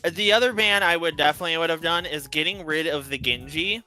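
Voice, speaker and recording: A man casting a live esports match, breaking down picks and bans, with lots of fillers and quick bursts of talk. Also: a little high, sharp tone, soft background music. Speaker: esports caster.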